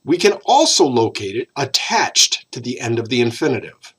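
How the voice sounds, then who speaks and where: A man teaching a recorded Spanish grammar lesson, explaining patiently and drawing out key words slowly. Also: mid-range voice, big pitch swings, fairly bright tone, slightly rough.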